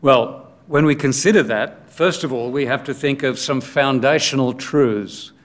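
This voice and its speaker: A man preaching a sermon in a deliberate way, posing rhetorical questions. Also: medium pitch.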